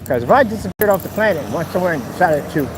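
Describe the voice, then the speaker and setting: A man's voice: high voice, animated, very fast. A man talking casually while walking outdoors, mocking and teasing in a playful way. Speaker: vlogger. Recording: outdoor traffic noise.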